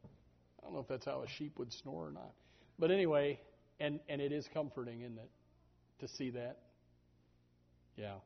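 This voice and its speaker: A man preaching a sermon in a lively, animated manner, often stumbling over repeated words. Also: mid-range voice, normal speed, creaky, pauses often. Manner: animated, repetitive restarts, voices sheep and God aloud. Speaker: pastor. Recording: dull lo-fi recording.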